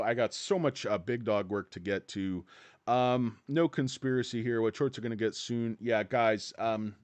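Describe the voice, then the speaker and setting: A man's voice: medium pitch, no room sound. A man hosting a casual stock-market livestream, rambling and joking as he talks straight to his chat.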